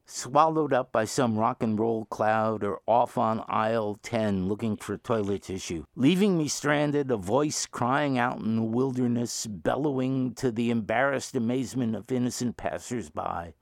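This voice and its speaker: An older man, a former radio DJ, tells stories and reads his own writing aloud in an animated, storytelling way. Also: a little slow, creaky, no room sound, clean studio sound. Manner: animated, jumps high in pitch when acting out pleading and quoted people. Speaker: former radio DJ, podcast host.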